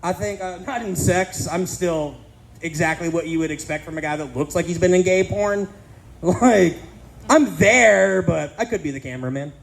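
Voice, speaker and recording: A man's voice: high voice, normal speed, gravelly, slight background noise, rough recording. A man in his thirties doing a crude, self-deprecating stand-up comedy set with punchy delivery on a casino stage. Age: 30s.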